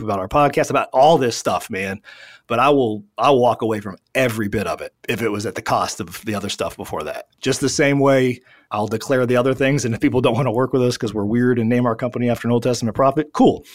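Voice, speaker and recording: A man's voice: mid-range voice, dry recording, clean studio sound. A man in his forties talking as a podcast guest, earnest and heartfelt, often dropping "man" and "dude" in casual conversation. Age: 40s. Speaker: podcast guest, business owner.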